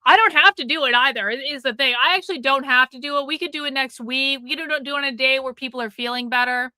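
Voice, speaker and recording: A woman's voice: sits high, fast, sharp tone, no room sound. A woman hosting a live stream, chatting casually with viewers in a blunt, profane way and nagging them toward a goal. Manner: profane, blunt, nags the chat.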